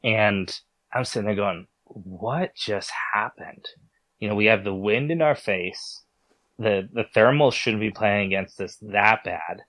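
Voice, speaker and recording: This is a man guesting on a podcast, walking the listener through a hunt in his own words. His voice sits on the low side, and it comes across close and dry with no room sound. He trips and repeats words as the story pours out. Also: a little slow, fairly bright tone, no echo. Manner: stumbles and repeats words while recounting a story.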